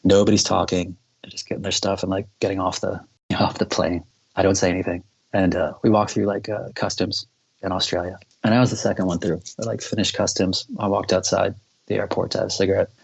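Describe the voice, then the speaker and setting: A man's voice: sits low, flat delivery, a little fast, vocal fry, breathy edge, rough recording. A man, a band member and podcast guest, telling a long story in a casual, rambling way, full of "like" fillers and swearing.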